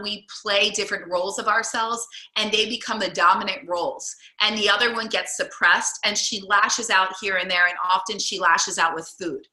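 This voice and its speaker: A woman's voice: medium pitch, pushed and bright. A woman coaching a group on a call, chatty and encouraging, with many fillers. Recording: roomy echo.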